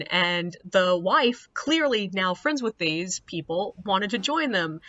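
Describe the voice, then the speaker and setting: Bright-voiced woman telling wry tour stories. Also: medium pitch, dry recording, dull audio. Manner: wry, animated, mimics people in quotes. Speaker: ghost tour guide. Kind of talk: casual storytelling to camera.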